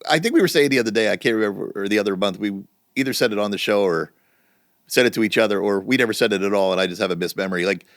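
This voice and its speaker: A middle-aged man co-hosting a casual podcast, telling stories with lively energy and free swearing. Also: lowish voice, very fast, no room sound, studio quality. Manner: animated storytelling, swearing freely. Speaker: podcast co-host. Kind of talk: casual chat.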